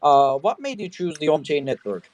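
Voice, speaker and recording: A man's voice: a little high, expressive, normal speed, darkish tone, dry recording. A man hosting a casual interview, talking loosely and filling his sentences with "you know" and "I mean". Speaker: talk show host.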